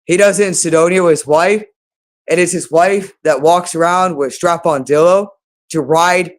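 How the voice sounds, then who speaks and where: A man with a slightly raised pitch speaks straight to his viewers in a rambling monologue. He sounds agitated and accusatory, and he circles back to the same phrases again and again. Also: normal speed.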